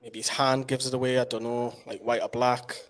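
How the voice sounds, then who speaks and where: A Geordie man runs a casual live quiz, explaining the rules at length in a chatty way. His voice sits at a middle pitch. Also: little pitch movement, brisk. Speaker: quiz host.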